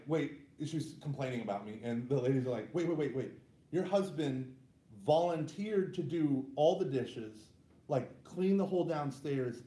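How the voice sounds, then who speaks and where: Animated, self-mocking storytelling man. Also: medium pitch, echoey room. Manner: self-deprecating, animated, laughs at own stories. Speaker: youth minister speaker. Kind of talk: humorous personal storytelling talk.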